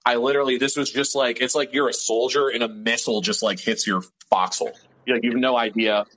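A Pittsburgh man, guesting in an interview, tells a story casually and with animation, swearing a lot and using plenty of filler words. His voice is medium-pitched and quick. The audio is poor.

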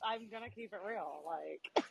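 Woman, chatty podcast storyteller, lively delivery, voices her quotes, crowd noise behind. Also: medium pitch, moderate pace, creaky, rough recording. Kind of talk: casual podcast chat.

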